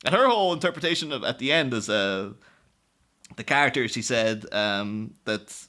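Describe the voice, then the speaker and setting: A man with a bright, forceful voice chats on a film podcast. He talks loosely and laughs often, breaking into quick put-on voices for quotes. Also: mid-range voice, animated. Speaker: podcast co-host. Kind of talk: casual film podcast chat.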